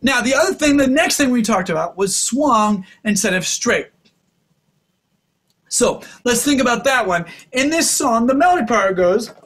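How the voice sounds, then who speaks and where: Male music teacher for kids, very high-pitched, upbeat and instructive, speaks straight to the children. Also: lively intonation, a little slow, a bit bright. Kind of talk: kids' music lesson.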